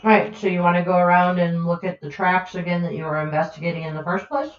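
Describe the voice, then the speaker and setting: A woman running a tabletop game as game master, narrating in a relaxed, halting way. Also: lowish voice. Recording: echoey, dull lo-fi mic.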